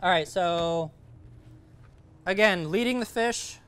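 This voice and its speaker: A man's voice: high-pitched, slow, fairly bright tone, clean tone. A man giving a casual, rambling talk to a group on sight fishing from a kayak, full of fillers and restarts.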